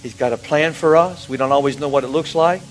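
Guy preaching, fairly high voice, goes soft then loud telling a story, light music under it. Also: fairly quick, rough recording. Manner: emotional storytelling, swings from hushed to raised. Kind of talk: sermon.

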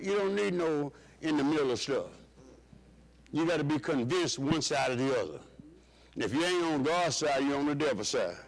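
A man preaching a sermon to his church, calling out questions for the congregation to answer. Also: rough recording. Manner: call-and-response preaching, rising and dropping pitch.

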